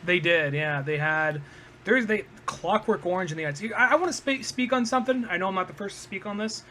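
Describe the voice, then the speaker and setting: Young man, podcast co-host, high bright voice, animated, faint room hum. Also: a little fast. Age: young adult. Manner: animated, laughing, acts out cartoon lines. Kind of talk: casual chat.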